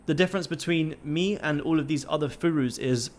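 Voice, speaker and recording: A man's voice: on the high side, brisk. A young man hosting a trading livestream, talking casually and swearing constantly in a pumped-up, motivational way.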